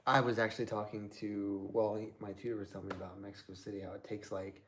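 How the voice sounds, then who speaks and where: A man's voice: on the low side, level tone, quick pace, fairly bright tone. A man from Southern Indiana hosting a live stream, chatting casually in a rambling way with lots of fillers.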